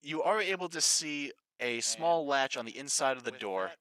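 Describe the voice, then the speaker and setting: A man's voice: mid-range voice, expressive, moderate pace, a bit bright. A man narrating as game master in a casual tabletop game, talking loosely with many restarts.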